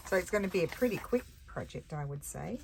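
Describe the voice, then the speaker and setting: Low-voiced older Australian woman crafting. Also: expressive, quick pace, vocal fry, darkish tone, slight background noise. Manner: chatty, easily distracted, thinks aloud while working. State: tired. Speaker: craft channel host. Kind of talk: casual crafting chat.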